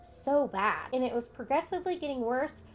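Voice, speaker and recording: A woman's voice: high voice, expressive, moderate pace, soft background music. A young adult woman vlogger candidly telling a personal story in casual conversation, acting out what others said. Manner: candid, conversational, retells events with quoted dialogue.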